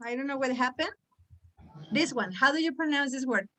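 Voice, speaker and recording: Bright animated woman teacher, Spanish native. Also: high-pitched, brisk. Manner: animated, exaggerated sounds to demonstrate. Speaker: English pronunciation teacher. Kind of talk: online class teaching.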